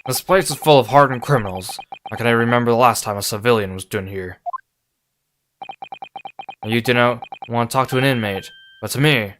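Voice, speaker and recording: A man doing a loud, blustering prison governor. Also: mid-range voice, normal speed, background noise, natural voice. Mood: gruff hostile. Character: gruff hostile middle-aged male prison governor. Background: game music.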